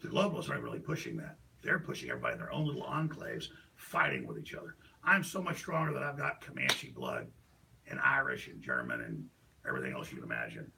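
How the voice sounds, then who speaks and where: A middle-aged talk show host delivers a heated political rant with vocal fry, huge pitch swings and a quick pace, over a noisy background. His delivery lurches from loud outbursts to low mutters.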